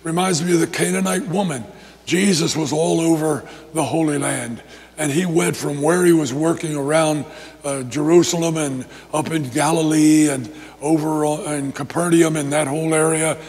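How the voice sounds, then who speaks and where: A male pastor preaching a sermon, telling a story with lively repetitions and restarts. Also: a little high, normal speed, big-room sound.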